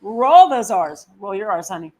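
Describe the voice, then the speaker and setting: A woman with an ordinary mid-range voice co-hosts a casual live stream. She reads viewer comments aloud and reacts to them with eager excitement. She grew up in the United States. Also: mid-range voice, moderate pace. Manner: enthusiastic, exclamatory. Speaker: co-host of a travel live stream.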